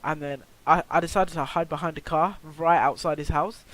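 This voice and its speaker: Rambling teen lad, slightly high voice. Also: male voice, fairly even intonation, moderate pace, fairly bright tone, rough recording. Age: teens. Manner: rambling, filler-heavy, swearing. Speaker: vlogger. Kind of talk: storytime vlog.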